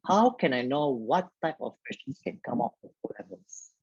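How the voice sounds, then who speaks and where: A man's voice: medium pitch, sing-song, normal speed, darkish tone, slightly rough, no echo, dull audio. A man tutoring biology in a live online lesson, talking straight to his viewers and filling his speech with "okay".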